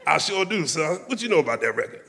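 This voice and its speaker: A man's voice: on the high side, sing-song, quick pace, bright, forceful tone, voice pushed up, exaggerated voice. A man voicing a famous older male soul singer, folksy and commanding, who drawls and calls everyone son.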